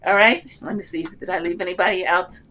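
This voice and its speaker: A woman's voice: on the low side, steady tone, a little fast, bright, forceful tone. An older woman hosting a casual live chat about loom knitting, speaking in a heartfelt, rambling, inspirational way from an airport and reading viewer comments aloud. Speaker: livestream host answering loom knitting questions.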